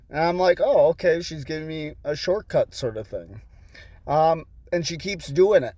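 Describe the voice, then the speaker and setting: A man's voice: fairly high pitch, normal speed, a little mellow, no echo. A young adult man casually telling a rambling, profane story full of fillers, recorded in a car. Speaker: vlogger. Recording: noisy car background. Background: car and road noise.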